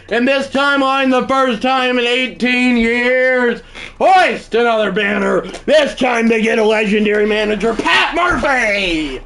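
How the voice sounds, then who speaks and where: A man hosting a live stream, calling a video game baseball match, shouting at big moments and mumbling goodbyes to chat. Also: a little slow, vocal fry, a little hiss or hum. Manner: excitable, shouts celebrations then drops to low mumbles. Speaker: livestream host.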